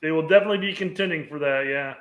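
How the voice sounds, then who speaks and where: A man's voice: fairly high pitch, rapid-fire, reverberant, crowd noise. A man co-hosting a casual soccer podcast, joking in a laid-back way. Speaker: podcast co-host. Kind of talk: casual sports chat.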